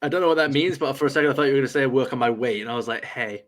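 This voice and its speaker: Quick english guy in a group chat, fixes his words as he goes. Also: medium pitch, a loud crowd. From England. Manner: self-correcting, quick.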